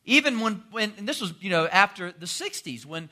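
A man's voice: high-pitched, very animated, fairly quick, pushed and bright. A man, preaching a sermon as a pastor in a folksy, joking storytelling way. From North Carolina. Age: 40s.

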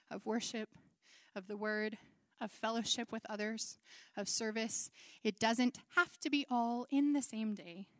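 Woman preacher, earnest conversational delivery, high voice, dry recording. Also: dry recording. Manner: earnest, conversational, with dramatized quotes. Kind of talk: sermon.

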